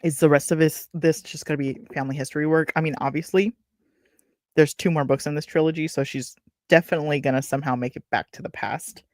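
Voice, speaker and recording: A woman's voice: low-pitched, steady tone, quick pace, a little mellow, dry recording. A woman reading a novel aloud, breaking off for chatty, wry asides and correcting her own slips. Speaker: book reader and streamer. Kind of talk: reading aloud with casual commentary.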